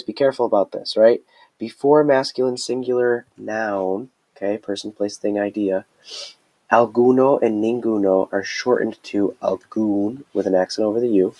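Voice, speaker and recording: A man's voice: on the low side, warm tone, low-quality recording. A man teaching a Spanish grammar lesson in a recorded screencast, chatty and explaining step by step with frequent checks.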